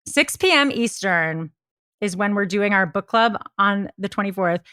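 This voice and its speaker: Woman podcast co-host, bright tone, dry close mic, joking conversational delivery. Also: mid-range voice, lively intonation, clear, resonant tone, no echo. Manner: playful, jokey, quick asides. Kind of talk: casual chat.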